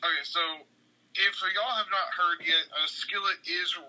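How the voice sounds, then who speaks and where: A young man co-hosts a laid-back podcast. His voice is very bright and a bit high, and he talks slowly. He stumbles and restarts often, and his enthusiasm comes through. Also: fairly even intonation, poor audio. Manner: halting, many restarts and fillers, enthusiastic. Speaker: podcast co-host. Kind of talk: casual podcast chat.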